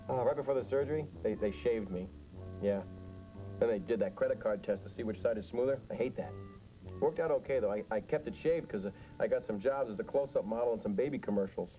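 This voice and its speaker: A man's voice: mid-range voice, fast talker, dark tone, soft background music, rough recording. A man doing wry stand-up comedy, telling jokes and playing a father in a sketch.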